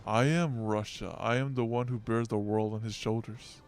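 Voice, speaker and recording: A man's voice: fairly low pitch, fairly even intonation, moderate pace, faint music behind, lightly acted. A man voicing an aging giant beast-tsar in a game story, reading in a grave, solemn way. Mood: defiant.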